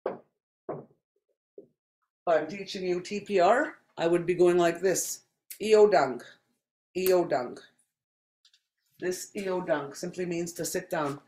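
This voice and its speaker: Patient language teacher from Saskatchewan, mid-pitched, very slow delivery, roomy echo. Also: fairly even intonation, a little mellow. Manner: repeats each word slowly and deliberately, patient explaining. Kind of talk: slow spoken language lesson.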